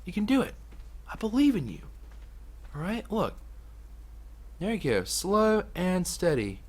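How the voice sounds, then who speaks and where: A young gaming YouTuber gives casual let's-play commentary at a measured pace, swinging between low mutters and loud, excited outbursts.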